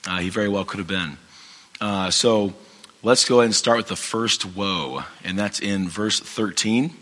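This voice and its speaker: A man's voice: lowish voice, normal speed, fairly bright tone, in a large hall. A man teaching from the Bible in a casual, conversational way, with a strained, fading voice, many fillers and restarts. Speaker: pastor.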